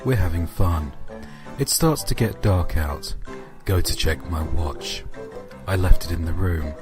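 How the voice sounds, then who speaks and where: A man's voice: deep voice, a little slow. A man narrating horror stories and chatting casually, with a dry, offhand delivery and some swearing. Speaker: narrator and channel host. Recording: music playing underneath.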